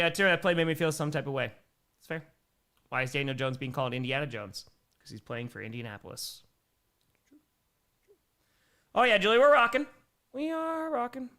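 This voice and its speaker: A young man from Wisconsin doing casual live play-by-play and reaction, chatting with viewers and shouting them out between plays. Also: medium pitch. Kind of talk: casual live-stream commentary reading chat.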